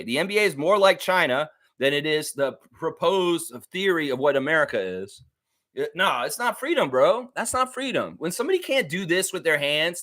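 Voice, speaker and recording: A male sports streamer on a heated, profane rant, hammering points home by saying them twice. His voice sits high and swings widely as he gets worked up, lively and restless from line to line. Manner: repeats lines for emphasis. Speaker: sports show host. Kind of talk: live-stream sports commentary.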